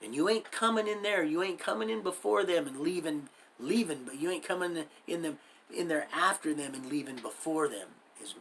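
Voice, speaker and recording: A man's voice: on the high side, vocal fry, a bit bright, slight background noise, poor audio. A man casually telling a story from his own life, rambling with many restarts and acting out what others said, in streetwise slang. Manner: rambling, full of restarts and acted-out quoted dialogue.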